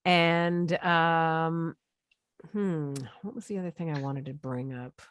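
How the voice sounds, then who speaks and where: A woman's voice: sits low, steady tone, slow, clear, resonant tone. A woman co-hosting a casual chat show, laughing often and trying out accents. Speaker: co-host.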